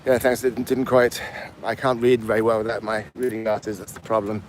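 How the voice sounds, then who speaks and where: Here a man from England, aged in his fifties and carrying a mixed English accent, is out of breath as he climbs a hill outdoors during a live stream. His pitch is fairly low and his delivery flat and brisk. He rambles casually and answers chat comments out loud, with a faint hiss or hum in the audio.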